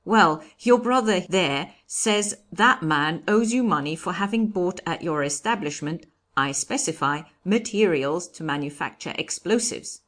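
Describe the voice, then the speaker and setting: A woman reading aloud and voicing an excitable, pompous male French judge who accuses and talks over everyone. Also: lowish voice, measured pace, few pauses. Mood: blustering.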